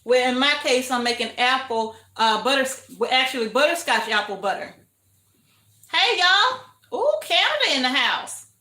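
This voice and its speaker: A woman's voice: high-pitched, big pitch swings, moderate pace, pushed and bright, reverberant. An older woman hosting a casual livestream from her home kitchen, chatting and greeting viewers with frequent laughter. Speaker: homestead livestream host.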